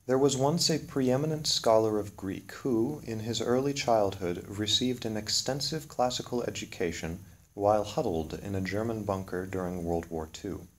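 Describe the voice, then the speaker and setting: A man narrating a scripted literary story in a measured, solemn way. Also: lowish voice.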